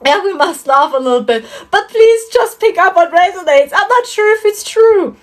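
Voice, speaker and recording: A woman's voice: extremely high pitch, lively intonation, normal speed. A woman hosting her own spiritual channel, talking casually and earnestly about her dreams, often breaking into giggles.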